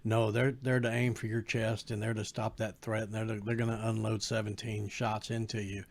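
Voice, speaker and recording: Male comedian guest, gravelly voice, halting and thoughtful in chat. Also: fairly low pitch, little pitch movement. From United States. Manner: hesitant, repeats words, measured. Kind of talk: casual chat.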